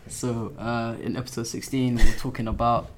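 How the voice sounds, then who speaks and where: A man's voice: medium pitch, level tone, brisk, noisy background. A man co-hosting a book podcast, easygoing and hesitant with fillers in casual chat. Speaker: podcast co-host.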